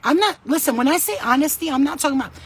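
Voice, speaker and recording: A woman's voice: high-pitched, animated, very fast, a crowd in the background. A woman in her thirties, sweaty and shaken, giving an urgent, blunt and profane talk to camera as a vlogger.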